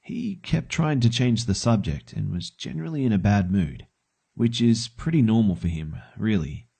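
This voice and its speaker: Low, mellow-voiced man narrating horror. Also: lively intonation, moderate pace, gravelly, slightly rough. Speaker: storyteller. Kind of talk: scripted first-person horror narration.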